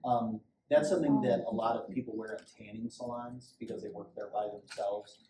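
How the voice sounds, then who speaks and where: A middle-aged man, a police sergeant, talks a small group through safety training in a casual, conversational way, dropping in acted-out quotes. His lowish voice stays steady and mellow at a normal speed, captured in an echoey room on a distant mic with faint hiss.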